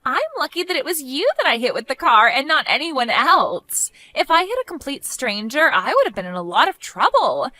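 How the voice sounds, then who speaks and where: A woman voicing an entitled, self-righteous young woman who talks in a shrill, indignant, whiny way, as scripted story voice acting. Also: big pitch swings, normal speed, few pauses, sharp tone, no room sound, heavily acted. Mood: smug.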